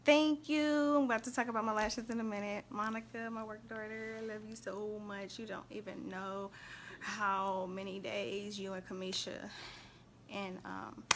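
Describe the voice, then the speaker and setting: A chatty woman, talking casually to her live-stream viewers. Her voice sits at a middle pitch, lively and warm in tone. A faint hum of background noise sits behind her. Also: moderate pace. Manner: animated, chatty, shouts out viewers and laughs often. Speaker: host of a faith and relationship live stream.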